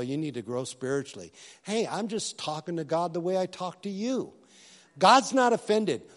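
A man preaches in a loose, chatty style, telling stories and tossing asides to the congregation. His voice sits a little high. The sound carries the long reverb of a large church hall. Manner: conversational storytelling preaching with asides. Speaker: pastor. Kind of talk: sermon.

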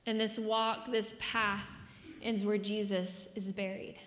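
A woman pastor preaching a sermon, reading scripture and praying in an earnest voice that sinks to a hushed near-whisper. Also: medium pitch, level tone, slow, reverberant, big-room sound.

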